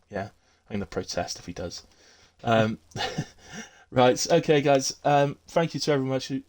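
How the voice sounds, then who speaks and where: A man hosting a casual post-race chat on his live stream, chatty and teasing, with lots of fillers. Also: medium pitch. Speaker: streamer hosting a sim racing league.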